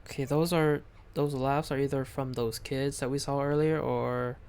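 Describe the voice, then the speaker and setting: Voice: mid-range voice, level tone, normal speed, darkish tone, clear, resonant tone. A game streamer chatting casually on a live stream, rambling and thinking aloud. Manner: rambling, thinks aloud, second-guesses pronunciation.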